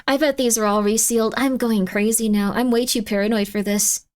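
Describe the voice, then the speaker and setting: A woman streaming live, chatting casually and rambling in exasperated disbelief, her voice often jumping up in pitch. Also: steady tone, fairly quick, darkish tone.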